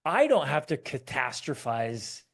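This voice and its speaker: A man's voice: mid-range voice, very animated, measured pace, vocal fry, a bit bright. A man co-hosting a family podcast in casual chat, acting out quoted lines with animation. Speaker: podcast co-host.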